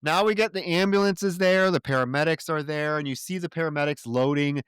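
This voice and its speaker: A man's voice: fairly high pitch, a little fast, a bit bright, clear, resonant tone, no echo, studio quality. A man co-hosting a film review podcast, swearing freely and sounding exasperated as he recounts scenes. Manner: profane, exasperated, mocks characters' lines. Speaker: podcast co-host. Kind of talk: casual film review chat.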